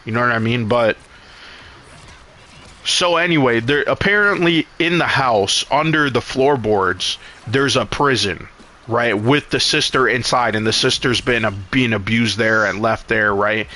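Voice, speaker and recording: A man's voice: mid-range voice, a little slow, pushed and bright. Profane, rambling male streamer. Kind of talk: casual recap while gaming.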